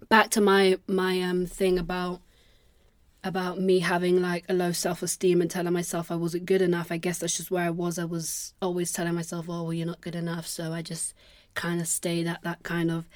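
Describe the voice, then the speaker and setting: A woman's voice: on the low side, a little mellow, dry recording. Young woman, podcast host, casual rambling monologue, self-deprecating and sweary, dead-dry close mic.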